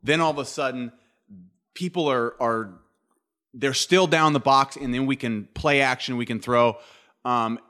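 A man co-hosting a relaxed sports talk show. He is thoughtful and methodical, working through the game point by point in plain conversational speech. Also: mid-range voice, unhurried. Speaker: sports podcast co-host. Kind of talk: casual sports chat.

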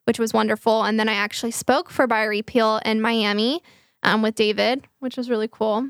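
A woman's voice: a little high, flat delivery, fairly quick, clean tone, dry recording, clean studio sound. A woman hosting a podcast, telling stories in casual chat and swearing freely. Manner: chatty storytelling, swears freely. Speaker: podcast host.

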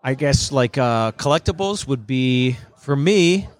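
A man chats as a guest at a comedy club roundtable. His voice sits in an average pitch. He is loose and conversational, swears freely and restarts his sentences. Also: expressive, a little slow. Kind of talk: casual chat.

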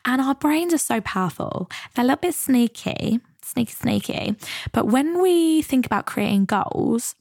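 A woman's voice: fairly high pitch, animated, normal speed, gravelly, a little mellow, no echo, clean studio sound. A woman from the UK hosting a podcast, talking in a chatty, earnest and motivational way about goals and coaching. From United Kingdom. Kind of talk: reflective solo podcast talk.

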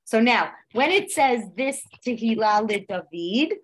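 A woman teaching a conversational religious class. Her voice swings between loud emphasis and soft, low tones, and she keeps checking in with her listeners. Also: animated, unhurried, husky.

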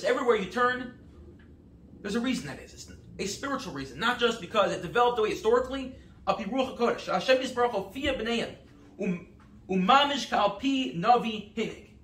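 A man giving a Torah class lecture, telling stories in an animated way and acting out the quotes. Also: very high-pitched, echoey room, a little hiss or hum. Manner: animated storytelling, acts out quotes with quick asides. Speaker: rabbi teaching a class.

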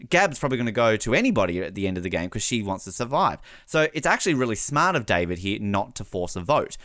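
Aussie guy doing a podcast recap, super animated, laughs a lot, dead dry mic. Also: lowish voice, quick pace, no echo. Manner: animated, laughs often, mimics contestants. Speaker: podcast host. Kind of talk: casual recap chat.

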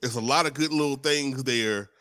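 A man's voice: mid-range voice, moderate pace, pushed and bright, no room sound. A man co-hosting a podcast in casual chat, slangy and full of restarts, often tagging you know what I mean. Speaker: podcast co-host.

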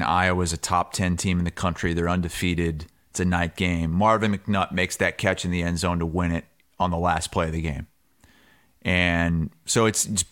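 A man co-hosting a sports podcast, telling a story in casual chat and shouting the quoted lines loudly. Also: low-pitched. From Iowa. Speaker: podcast co-host.

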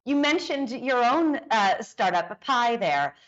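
Woman interviewer, measured questions. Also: on the high side, expressive. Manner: measured, sets up questions with background context. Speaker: interviewer, technology editor. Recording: dull, slightly lo-fi sound.

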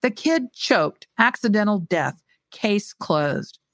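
Author reading her own short story: woman, animated, very dry sound. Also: medium pitch, takes it slowly, no echo. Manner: lively, expressive delivery.

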